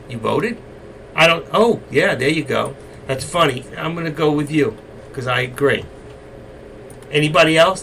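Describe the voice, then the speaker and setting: A man hosting a live trading stream, coaxing and teasing his viewers and now and then breaking into loud shouts. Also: a little high. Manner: coaxing, teasing and exasperated with the chat. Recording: distant mic, faint room noise.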